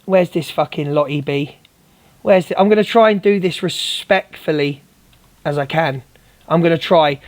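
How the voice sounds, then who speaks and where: A man whose voice is on the high side rants heatedly during his livestream, speaking at normal speed. He confronts a viewer directly and keeps calling her darling.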